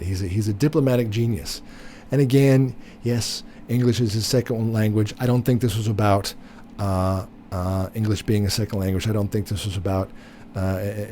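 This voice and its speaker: A man's voice: fairly low pitch, dark tone, a little hiss or hum. A man giving blunt, opinionated political commentary, repeating himself with many fillers and restarts. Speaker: commentary host.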